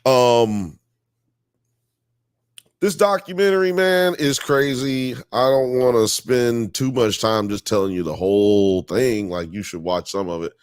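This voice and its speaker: A man's voice: mid-range voice, a little slow, smooth, no echo, studio quality. A man hosting a live show, telling a story in casual chat, full of "you know" and "blah blah," and growing emphatic when worked up.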